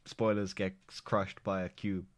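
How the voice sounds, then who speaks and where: A man's voice: low-pitched, level tone, measured pace, dry recording, studio quality. A young man co-hosting a podcast in a casual chat, teasing and laughing often. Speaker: podcast co-host.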